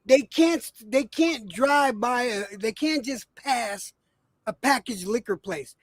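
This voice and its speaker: A man's voice: very high-pitched, takes it slowly, no echo. A man from New Mexico hosting a casual, profane, argumentative chat. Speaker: host.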